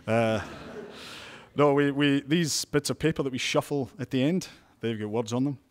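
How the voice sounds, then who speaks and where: A man's voice: mid-range voice, moderate pace. A Scottish man, a television news presenter, giving chatty interview answers full of restarts and wry asides. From Scotland.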